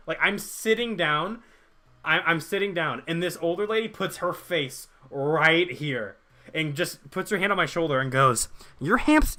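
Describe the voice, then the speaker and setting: Young guy streaming, joking w chat, kinda bright highish voice. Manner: joking, rambling, reads chat aloud. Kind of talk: casual chat with stream viewers.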